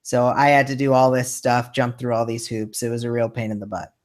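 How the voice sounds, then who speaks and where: A man's voice: medium pitch, steady tone, fairly quick, heavy background noise. A man hosting a live show in casual chat, reading out viewer questions in a friendly, hesitant way. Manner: friendly, hesitant, lots of fillers.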